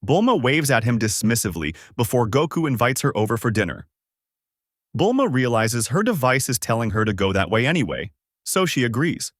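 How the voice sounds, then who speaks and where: A man narrating a fan-made anime what-if story in an animated storytelling manner. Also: medium pitch, a little fast, no room sound, clean studio sound.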